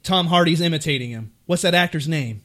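A man's voice: fairly high pitch, brisk, a bit bright. A man co-hosting a podcast, chatting casually about films, swearing often and rambling with lots of fillers. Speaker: podcast co-host.

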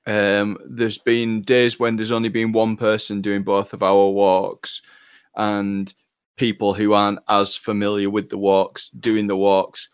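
A man with a gravelly, fry-laden voice tells a work story on a casual podcast. The sound is dry and close, and his delivery is blunt and crude. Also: lowish voice, no room sound. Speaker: podcast co-host. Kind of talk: casual chat.

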